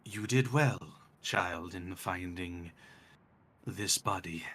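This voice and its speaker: A man voicing an ancient male dragon god of death, who speaks slowly and formally. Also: deep voice, a bit bright, voice pushed down, exaggerated voice. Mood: solemn. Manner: slow, measured, formal speech.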